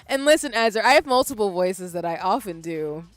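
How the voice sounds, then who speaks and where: A young woman chatting casually and animatedly while streaming a game, quick to laugh. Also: fairly low pitch, lively intonation, no echo. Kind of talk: casual gaming stream chat.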